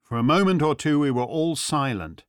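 A man narrating a novel in the first person with measured, expressive storytelling. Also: a little high, clear, resonant tone, dry recording, clean studio sound. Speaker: audiobook narrator.

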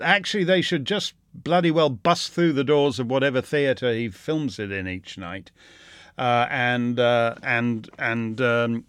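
A man hosting a show, answering listener questions in a sardonic monologue that climbs into loud, mocking indignation. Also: medium pitch, smooth, no room sound, studio quality. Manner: sings wordless tunes to mock.

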